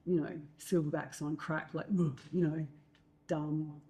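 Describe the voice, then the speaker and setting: A middle-aged Australian woman, speaking as a guest in conversation, spins her story with plenty of fillers and acted-out quotes. Her voice sits a little low and sounds warm and mellow. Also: little pitch movement, takes it slowly.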